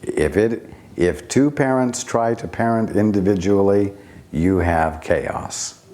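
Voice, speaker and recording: Slow, deep-voiced man teaching. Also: dark tone. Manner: slow, deliberate, with long pauses and rhetorical questions. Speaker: channeled spiritual teacher. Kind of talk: spiritual teaching talk.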